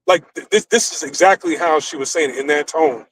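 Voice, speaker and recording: A middle-aged American man hosting a stream, telling stories in a blunt, profane, animated way. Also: fairly high pitch, a little fast, few pauses, slight background noise, low-quality recording. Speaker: streamer host. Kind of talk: casual storytelling rant.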